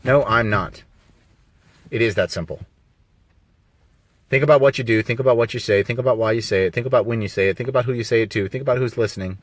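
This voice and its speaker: On a live video stream, a man with a mid-range voice talks fast in a casual, rambling monologue, pausing often and pressing his points with rhetorical questions. He's on a phone over a mobile signal, and there's no echo.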